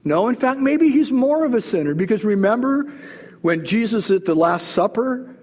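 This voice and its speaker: High-voiced preacher in a reverberant hall. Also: male voice, moderate pace. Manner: lively retelling of scripture in casual everyday words. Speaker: pastor. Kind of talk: sermon.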